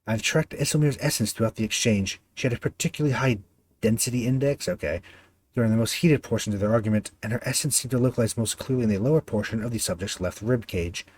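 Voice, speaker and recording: A man voicing a brisk, clinical woman scholar who studies souls. She speaks in a haughty way. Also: mid-range voice, darkish tone, slightly rough, close to an everyday voice.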